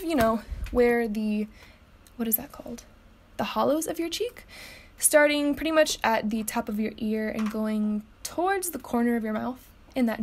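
Young woman chatting thru her makeup routine, kinda high voice, casual and a bit scatterbrained. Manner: chatty, loses words and laughs at herself. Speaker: beauty vlogger. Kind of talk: makeup tutorial voice-over.

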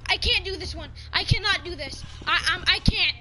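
A woman's voice: very high voice, animated, moderate pace, few pauses, loud music behind the voice. A young woman chatting casually while playing a horror game, jumpy and slangy, shrieking when scared. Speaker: gamer. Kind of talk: casual gaming chat.

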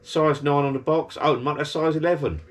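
A man's voice: a little high, fairly even intonation, fast, faint music behind. A man, rambling and grumbling in a casual monologue from his backyard garden bar. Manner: chatty, grumbling rant. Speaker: vlogger.

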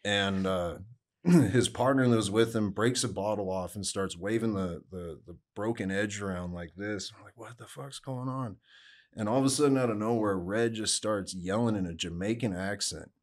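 A man's voice: lowish voice, moderate pace. A man, a guest musician, casually telling rambling stories and swearing freely. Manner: laid-back, rambling, swears freely, acts out quotes. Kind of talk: casual storytelling.

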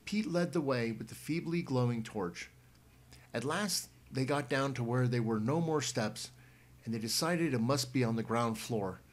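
A man reading a children's book aloud in a steady storytelling manner with small restarts. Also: mid-range voice, normal speed. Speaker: reader.

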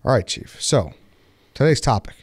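A young man hosting a podcast, recounting a case in a relaxed, rambling way full of fillers and restarts. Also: mid-range voice, normal speed, breathy edge, no echo, studio quality. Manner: relaxed, filler-heavy storytelling with many restarts. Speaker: podcast host. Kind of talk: casual podcast chat.

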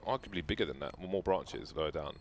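A man with a somewhat low voice calls the action in a shooter match, chatty and prone to tangents. Gunfire from the game is clearly heard behind him. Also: animated, quick pace, slight background noise. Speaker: esports commentator. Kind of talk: live game commentary.

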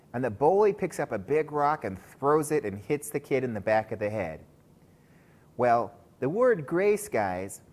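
A man giving a chapel sermon to school children, telling a story and often calling them guys. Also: mid-range voice. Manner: storytelling, addresses listeners as guys.

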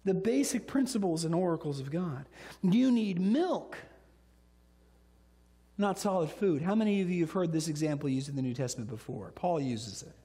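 A middle-aged male pastor preaches with animated energy, his voice sitting a touch high for a man. Long reverb from the church hall trails behind his words. He slips into playful voices as he tells his stories. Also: fast talker, hardly any pauses. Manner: animated storytelling, acts out voices. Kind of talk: sermon. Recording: echoey hall.

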